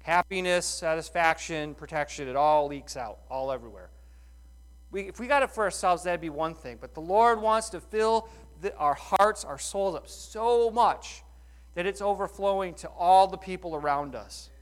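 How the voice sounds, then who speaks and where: Middle-aged guy preaching a sermon, folksy, lots of rhetorical questions, kinda high voice. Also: lively intonation, moderate pace. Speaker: pastor.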